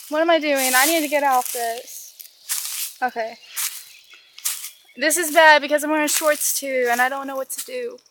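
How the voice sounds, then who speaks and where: A woman's voice: sits high, pushed and bright, slight background noise. A teenage girl vlogging as she walks through the woods outdoors, filming on a handheld camera and talking in a dramatic, panicky, self-mocking way. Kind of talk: casual vlog narration while hiking.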